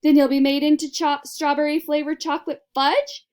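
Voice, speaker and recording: A shrill, frantic mother from a children's storybook, put on by a woman reader, shrieking her words sharp and high. She scolds and demands in a bossy, indignant voice. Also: little pitch movement, normal speed, natural voice. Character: hysterical plump rich mother, shrill and bossy.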